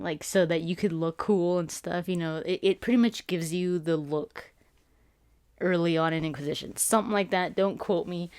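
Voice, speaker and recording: Excitable low-voiced woman gamer rambling. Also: no room sound. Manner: excitable, rambling, frequent restarts. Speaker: gaming YouTuber doing Let's Plays. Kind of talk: casual game trailer commentary.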